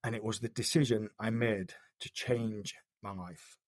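Man, interview guest, from the UK, earnest, halting, restarts often, dry sound. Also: lowish voice, steady tone, no echo. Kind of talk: personal story in conversation.

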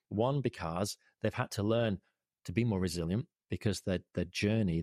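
A man's voice: mid-range voice, no echo, studio quality. A man talking earnestly in an interview, asking rhetorical questions as he argues a point. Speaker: guest, leadership advocate. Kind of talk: conversational interview.

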